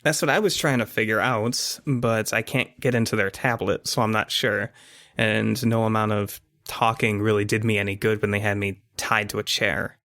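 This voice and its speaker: A man's voice: fairly low pitch, little pitch movement, normal speed, pushed and bright, no echo, clean studio sound. A man voicing a teasing, streetwise teenage girl in a tabletop game, with a lazy, sly drawl. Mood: blunt. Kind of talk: tabletop actual-play character voice.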